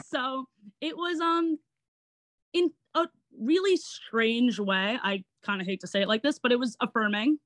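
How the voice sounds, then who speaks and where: A woman's voice: fairly high pitch, measured pace, dry recording. A woman in her twenties with a Long Island accent, chatting as an interview guest and laughing as she tells her story. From Long Island, New York. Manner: chatty and giggly, animated retelling. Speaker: guest, actor and online entertainer. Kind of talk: casual interview chat.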